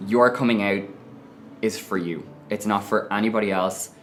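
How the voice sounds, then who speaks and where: An Irish man telling his own story in an interview, candid and animated. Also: fairly low pitch, moderate pace, a little hiss or hum. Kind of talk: personal storytelling.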